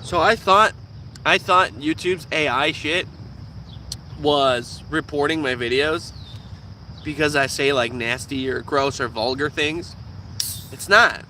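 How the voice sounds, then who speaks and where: A young man with a nasal, squeaky voice, chatting casually and profanely to his live viewers. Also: slow pace, pauses often, bright, forceful tone, a little hiss or hum. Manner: profane, joking, talks with teeth hidden. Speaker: vlogger streaming live. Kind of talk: casual rambling chat.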